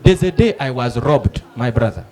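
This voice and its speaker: A man with a Ugandan English accent doing animated stand-up, acting out the people in his stories. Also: medium pitch, moderate pace. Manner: animated storytelling, acting out characters. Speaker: stand-up comedian. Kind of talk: stand-up comedy. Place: comedy club stage before a live audience. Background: audience laughter.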